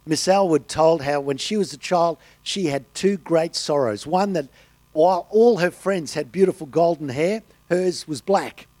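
A man's voice: on the high side, measured pace, darkish tone, no echo. A man preaching a sermon, telling stories and delivering quotes with emphasis. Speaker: pastor.

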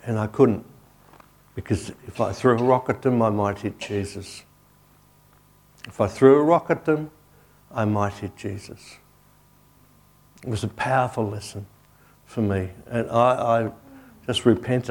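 A man with a somewhat low voice preaches a sermon, then moves into a spoken prayer. He tells it like a story, loose and conversational, with many "you know"s. He speaks while down on his knees. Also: unhurried, pauses often. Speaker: pastor.

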